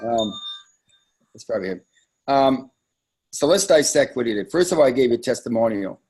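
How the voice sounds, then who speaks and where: Man, husky voice, sales trainer, live team webinar, conversational, emphatic, frequent asides. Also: mid-range voice, expressive, normal speed, a little mellow.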